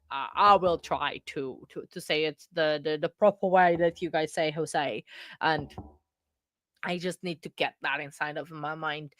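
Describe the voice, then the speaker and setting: A woman's voice: on the low side, fairly bright tone, dry recording, studio quality. A young woman with a Portuguese accent, hosting a livestream and chatting in a bubbly way with viewers. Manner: chatty and bubbly, thanking chat often. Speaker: livestream host. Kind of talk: casual livestream chat with viewers.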